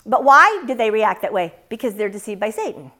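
A woman's voice: a little high, very animated, fairly quick, sharp tone. A middle-aged woman preaching a sermon, fervent and emphatic, repeating key lines for effect.

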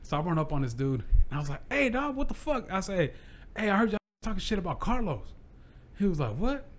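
A young man tells a story among friends, in a fairly high voice that leaps up and down. He swears a lot and talks with loose, animated energy. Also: quick pace. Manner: animated, profane, laughs often. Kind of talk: casual storytelling.

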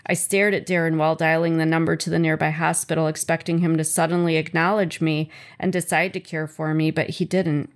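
A woman reading a chapter of her own memoir aloud in a measured, earnest first-person voice. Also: sits low, flat delivery.

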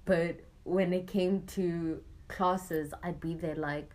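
A young woman telling a personal story in casual conversation, animated and laughing often, acting out what people said to her. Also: lowish voice, takes it slowly. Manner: animated, acts out quoted exchanges, laughs often. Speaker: guest.

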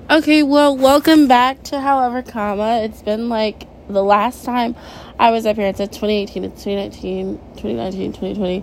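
A woman's voice: fairly high pitch, a little mellow, slight background noise. A young woman hosting a casual podcast from her kitchen at home, venting in a rambling, emotional way and swearing constantly. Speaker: podcast host.

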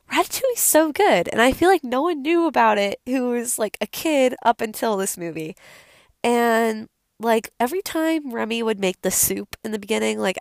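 Chatty young woman with vocal fry. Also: fairly high pitch, dry recording, clean studio sound. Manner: rambling, chatty, many fillers. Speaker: video host. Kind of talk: casual unscripted film talk.

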